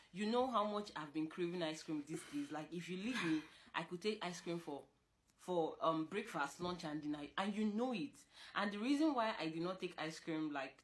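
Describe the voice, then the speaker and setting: A young woman, talking in an animated, scolding way, repeating her points and jumping up in pitch when she insists. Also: moderate pace. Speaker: girlfriend in a couple argument. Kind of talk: casual heated monologue.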